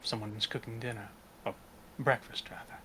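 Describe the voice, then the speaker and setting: Man, tabletop player, hesitant, mid pitch, faint background noise. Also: fairly even intonation, moderate pace, pushed and bright. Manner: hesitant, starts with uh. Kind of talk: casual chat in a tabletop game.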